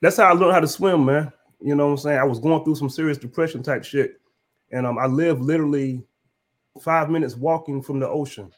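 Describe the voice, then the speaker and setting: Man, slightly high voice, blunt laid-back podcast talk. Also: fairly quick. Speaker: podcast co-host. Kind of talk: casual podcast discussion.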